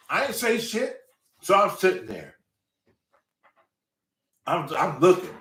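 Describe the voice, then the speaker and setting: This show host has a high voice, a slow pace, and long pauses, and he sits far from the microphone in a roomy-sounding space. He tells a long, casual story as a monologue, an animated, profane ranter who curses nonstop.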